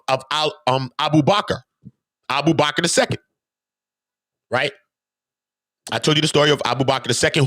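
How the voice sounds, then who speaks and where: A man vlogging in an animated, emphatic way, full of rhetorical questions and street slang, his voice rising loud and high, then dropping low and quiet. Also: no room sound, clean studio sound. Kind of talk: casual talking-head commentary.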